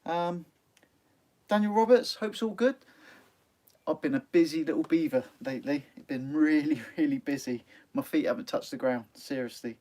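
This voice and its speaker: A man's voice: a little high, moderate pace, a little mellow. Chatty man hosting a live stream. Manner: chatty, laughs often, many ums. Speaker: sea angling channel host. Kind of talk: live stream chat reading viewer comments. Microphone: phone.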